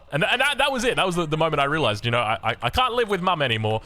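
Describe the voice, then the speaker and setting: An Australian man casting a strategy game, rambling excitably into anecdotes with lots of restarts. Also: on the high side, very fast, few pauses. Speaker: game caster.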